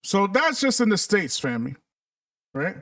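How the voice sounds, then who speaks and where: A man's voice: sits high, big pitch swings, moderate pace, sharp tone, far from the mic. A man giving casual political commentary to his viewers, talking in a sarcastic, mocking, conversational way.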